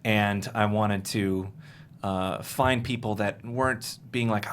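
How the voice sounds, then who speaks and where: A man's voice: lowish voice, fairly even intonation, slow, a little hiss or hum. A man in his thirties from Maryland, a writer-director talking earnestly about his film in a studio interview. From Maryland, USA. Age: 30s. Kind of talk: casual interview chat.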